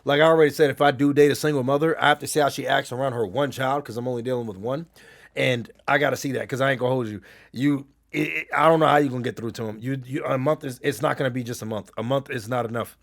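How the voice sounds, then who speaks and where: A man's voice: medium pitch, steady tone, fast, creaky. A man streaming, telling blunt, profane stories and answering his chat in heated casual talk. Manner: reads and answers chat messages. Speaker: gaming streamer.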